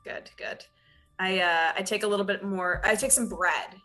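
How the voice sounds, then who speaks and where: A woman's voice: mid-range voice, steady tone, normal speed, bright, forceful tone, soft background music. A woman playing in a tabletop game, chatting casually and laughing easily. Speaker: player.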